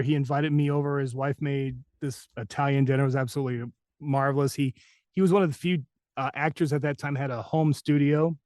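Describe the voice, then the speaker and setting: A man who works as a voice actor, telling a story as a podcast guest in a lively, casual way and acting out the people he quotes. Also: mid-range voice, dry recording, clean studio sound. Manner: animated, acts out the people he quotes.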